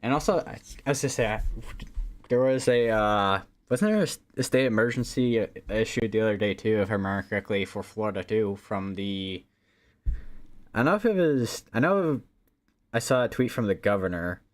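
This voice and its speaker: A man's voice: on the low side, a little fast. A man hosting a live weather stream, talking casually and rambling with lots of fillers and restarts. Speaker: livestream weather host.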